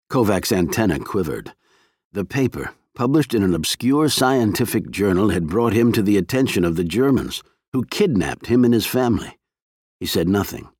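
Low, expressive male audiobook narrator. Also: moderate pace, breathy edge, no room sound, clean studio sound. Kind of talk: scripted narration.

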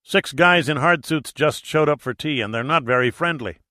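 Man reading a cool tough male diver, clipped and wry, bright dry voice, audiobook. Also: a little high, moderate pace, no echo, pitched above the performer's own voice. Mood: steady.

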